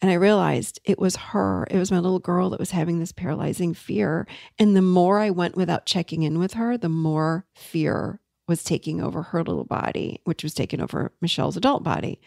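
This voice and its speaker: A woman host telling a personal story in an earnest, confessional way, dropping softer when she recounts tender moments. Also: on the low side, fairly quick, vocal fry, hardly any pauses, no room sound, clean studio sound. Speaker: podcast host and coach.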